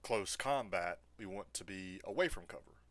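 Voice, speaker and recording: Low bright-voiced male player. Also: animated, normal speed, no echo. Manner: short, checking questions. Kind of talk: casual chat.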